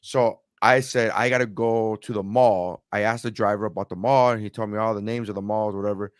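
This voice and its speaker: A man's voice: lowish voice, fairly even intonation, fairly quick, dry recording, studio quality. A man co-hosting a podcast, telling a long, rambling travel story with many restarts. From immigrant to America. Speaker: podcast co-host. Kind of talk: casual storytelling chat.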